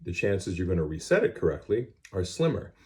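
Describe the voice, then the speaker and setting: A middle-aged band teacher, very animated and speaking a little fast, teaches music students in a deep, darkish voice. He keeps things plain-spoken, direct and instructive. The class was recorded on a cell phone.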